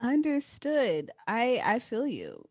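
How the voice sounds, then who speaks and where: Lively, high-voiced woman host. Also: takes it slowly, muffled recording, a little hiss or hum. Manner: reactive, laughs often, swears casually. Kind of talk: casual chat.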